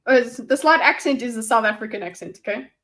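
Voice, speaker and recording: A woman's voice: a little high, fast talker, fairly bright tone. A woman co-hosting a book read-through, chatting casually with lots of "like" and giggly asides. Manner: chatty, giggly, full of fillers. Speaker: co-host reading aloud. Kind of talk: casual chat.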